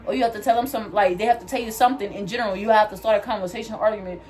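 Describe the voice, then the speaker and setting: A young woman vlogger telling a story in a loud, animated way while doing her hair, speaking straight to her viewers. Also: mid-range voice, racing. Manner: animated, talks straight to viewers, calls them "y'all"; loud, says she has a loud mouth.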